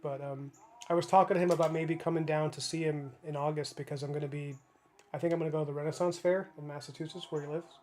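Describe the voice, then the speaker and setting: Man in his 30s, fairly high voice, rambling livestream chat, many restarts, faint background hum. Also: steady tone, quick pace, darkish tone. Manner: rambling, thinking aloud, many restarts and fillers; reads and answers viewer chat. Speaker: livestreaming comic artist. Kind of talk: casual livestream chat while painting.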